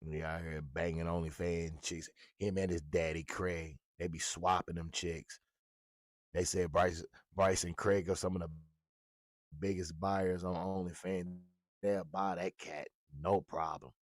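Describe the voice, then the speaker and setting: A man's voice: low voice, little pitch movement, a little slow, no room sound. A man ranting with profane, mocking, confrontational commentary about a football coach. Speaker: sports commentator.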